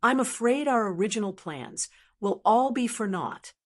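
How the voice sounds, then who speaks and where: A woman's voice: fairly high pitch, lively intonation, moderate pace. A woman reading a cold, curt male strategist. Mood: cool, stern. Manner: indifferent, sharp. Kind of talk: audiobook narration.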